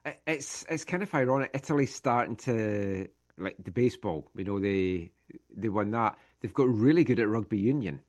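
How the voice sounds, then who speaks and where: A man's voice: fairly low pitch, lively intonation, normal speed, a little mellow. A man co-hosting a casual football chat, giving blunt, matter-of-fact opinions. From Scotland. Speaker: co-host.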